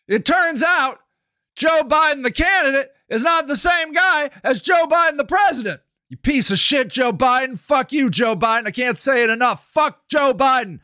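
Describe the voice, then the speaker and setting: Angry sweary guy ranting on his stream, pitch all over the place, dry close sound. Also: expressive, normal speed, sharp tone, no echo. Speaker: political commentator. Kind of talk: livestreamed rant.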